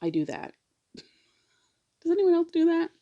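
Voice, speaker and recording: A woman's voice: very high-pitched, big pitch swings, a little slow, dark tone, lo-fi sound. A woman vlogger telling a personal story in a casual, rambling way, full of "like" and emotional asides. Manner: rambling, fills talk with "like"; emotional, confiding. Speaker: mukbang vlogger.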